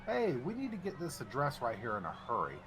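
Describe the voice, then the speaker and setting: A man playing in a tabletop game, speaking quickly and plainly in casual chat. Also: mid-range voice, huge pitch swings, background noise. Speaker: player.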